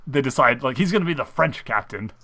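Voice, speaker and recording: Bright-voiced young man rambling casually. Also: medium pitch, lively intonation, quick pace. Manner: rambling, many fillers and restarts. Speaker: co-host of a fan talk show. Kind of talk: casual chat.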